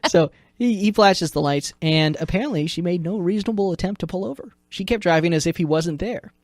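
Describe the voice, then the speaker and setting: The station's news director trades jokes and retells odd stories in a casual radio chat, animated and full of quick joking asides. His voice is high, captured on a studio microphone at studio quality with no room sound.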